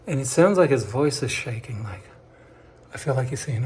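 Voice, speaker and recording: A middle-aged man installing wallpaper, chatting casually and dropping into hushed asides as he works. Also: medium pitch, lively intonation, normal speed, slight background noise. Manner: chatty, drifts into hushed asides while working. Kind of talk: casual how-to chat while working. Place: room being wallpapered.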